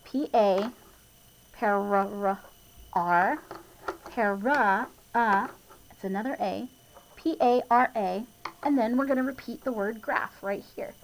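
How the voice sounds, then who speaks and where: Lady teacher doing a spelling lesson for little kids, sounds out every letter slow and patient, laughs at her own goofs. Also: mid-range voice, slight background noise, poor audio. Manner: self-deprecating, chuckles at own slips.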